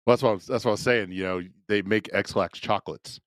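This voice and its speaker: Lowish-voiced man telling a story. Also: fairly even intonation, quick pace, no room sound. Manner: storyteller, acts out quotes in a raised voice; frequent restarts, crude jokes. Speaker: podcast co-host. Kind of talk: casual chat.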